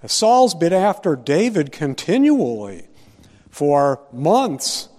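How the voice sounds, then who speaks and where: A man teaching a Bible study lecture, deliberate and posing rhetorical questions to his listeners. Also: on the high side, big pitch swings, darkish tone, in a large hall.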